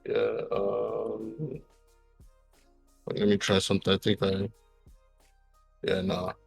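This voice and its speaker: A man's voice: fairly low pitch, flat delivery, slow, creaky, husky, no room sound, faint music behind. A young man with a Nigerian accent, learning to code from a friend live, casual and easily flustered. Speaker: coding student. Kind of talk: live-streamed coding lesson.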